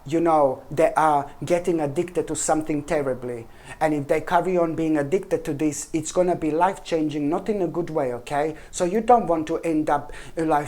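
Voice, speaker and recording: A woman with a low, deep voice reads tarot for her viewers. She speaks with earnest urgency, pleading with the listener and often repeating or restarting words as she goes. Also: a little mellow. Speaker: tarot reader. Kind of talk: tarot reading monologue.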